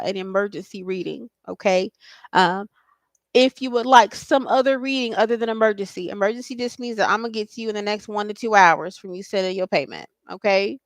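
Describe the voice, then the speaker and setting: A woman's voice: mid-range voice, no echo. A woman giving a casual psychic tarot reading, reassuring and blunt, often asking "okay?" and swearing casually. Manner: reassuring, repeats "okay?" and "I feel like". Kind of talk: casual spiritual reading to camera.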